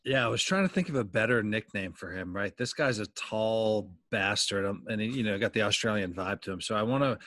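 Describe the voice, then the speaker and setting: A man jokes and banters in a relaxed podcast chat. His voice sits a little low. The sound is dry and close. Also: fairly quick, few pauses, dry recording. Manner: joking, playful banter. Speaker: golf podcast co-host. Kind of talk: casual chat.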